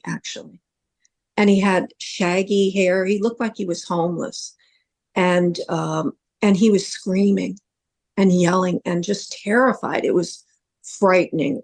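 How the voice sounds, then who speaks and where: A woman's voice: lowish voice, a little mellow. A middle-aged woman, a psychic medium co-hosting a podcast, earnestly recounting a vivid dream in casual storytelling.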